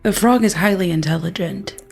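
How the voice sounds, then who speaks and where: Woman, tabletop game player, halting, searching for words, lowish voice. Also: vocal fry, faint music behind. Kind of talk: casual game chat.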